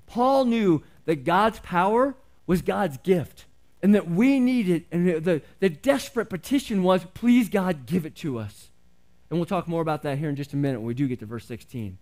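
A man's voice: sits high, animated, normal speed, darkish tone. A middle-aged male pastor preaching a sermon in an earnest, conversational way, asking the congregation questions.

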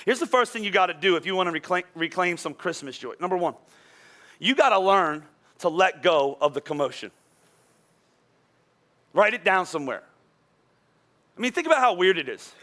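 A man preaching as a pastor, telling a funny personal story in a lively, self-deprecating way before giving sermon points. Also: high voice, normal speed, pauses often. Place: church auditorium.

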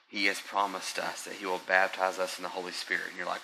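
A man preaching a conversational sermon, often checking in with the congregation and swinging between soft, slow passages and loud, excited ones. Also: low voice, creaky, slight background noise, rough recording. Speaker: pastor.

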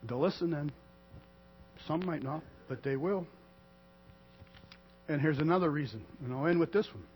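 A man preaching a sermon to a small congregation in a conversational way, swinging from soft to loud and acting out the quotes he tells. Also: on the high side, normal speed. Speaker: pastor. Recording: dull lo-fi sound with mains hum.

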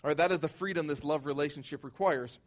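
A man preaching a sermon, earnest and emphatic, his voice swelling loud at high points and sinking soft and low at others. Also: quick pace. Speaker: pastor.

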